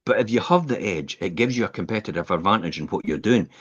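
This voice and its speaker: A man co-hosting a casual podcast chat, talking in an emphatic, animated coaching manner. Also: fairly low pitch, fast talker, husky, no echo, muffled recording. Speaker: co-host.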